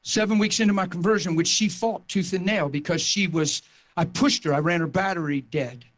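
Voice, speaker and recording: A man with a noticeably high voice preaches to his congregation, recounting his own story with fervent energy. His delivery swells from quiet reflection into near-shouted emphasis. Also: a little fast. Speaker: pastor. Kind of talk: sermon testimony.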